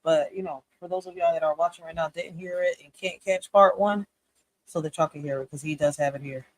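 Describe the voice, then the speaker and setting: A co-host talks to viewers in a casual, animated way, calling them y'all. The voice sits at a middle pitch and sounds dry and close to the mic. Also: fairly quick, no echo. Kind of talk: casual livestream commentary.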